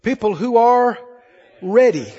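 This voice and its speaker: A man's voice: extremely high pitch, lively intonation, slow pace, warm tone, slightly rough. A man preaching a sermon to a congregation, emphatic and calling for responses. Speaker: pastor. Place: church hall with congregation. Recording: lo-fi recording in a reverberant hall.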